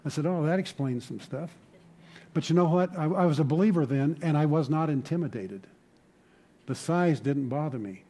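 A man's voice: a little high, dark tone. A middle-aged man preaching a sermon, telling stories conversationally and building to emphatic points. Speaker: pastor.

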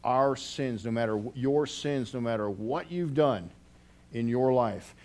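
A man's voice: medium pitch, a little slow, a little mellow. A man preaching a sermon as a pastor, telling a story earnestly and often restarting his phrases.

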